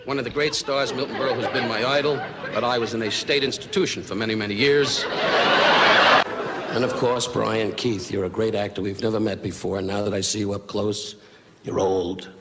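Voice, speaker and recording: A man doing insult roast stand-up on a banquet stage, firing brash rapid jabs at the audience. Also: fairly low pitch, fairly even intonation, over a noisy crowd. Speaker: roast comedian. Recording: noisy old archive recording. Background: laughing audience.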